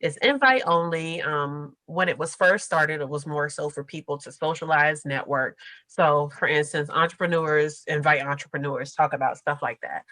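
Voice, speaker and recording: A woman's voice: deep voice, normal speed, pushed and bright, no room sound, low-quality recording. A young adult woman hosting a casual group podcast, chatty and slangy, laughing as she tells stories. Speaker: podcast host.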